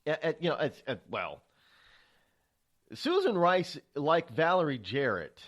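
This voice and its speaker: Male radio host, solo monologue, rambling and stammery, lively pitch that swings up and down. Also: unhurried, dull audio. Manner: rambling, with frequent restarts and stammers; animated, emphatic delivery.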